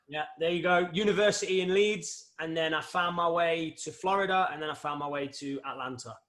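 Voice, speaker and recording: A man with an English Midlands accent speaks as a podcast guest, his voice sitting slightly higher. He answers in a measured, thoughtful way, pausing often with ums as he gathers his words. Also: fairly bright tone. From England. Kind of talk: conversational interview answers.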